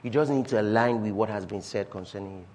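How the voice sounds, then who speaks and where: A man preaching a sermon as pastor, emphatic, with repeated refrains and swings from loud declarations to quiet asides. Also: fairly low pitch, quick pace.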